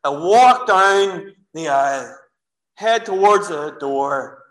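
This Northern Irish minister speaks slowly in a fairly high, slightly bright voice with lively intonation. Preaching in church, he brings the story to life and talks straight to the children and the congregation, recorded on a clip-on microphone in an echoey room.

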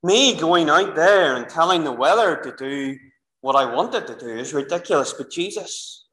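Lively Northern Irish minister in an echoey church. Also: male voice, a little high, normal speed. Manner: lively storytelling, addressing children and congregation directly. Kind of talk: sermon. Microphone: clip-on microphone.

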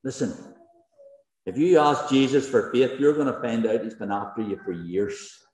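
A man's voice: mid-range voice, animated, normal speed, a little mellow. Man preaching in a big echoey church, punchy and repeats himself a lot. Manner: emphatic, rhetorical questions, repeats key phrases. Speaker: pastor. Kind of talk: sermon. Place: large church hall with congregation. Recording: echoey hall with long reverb.

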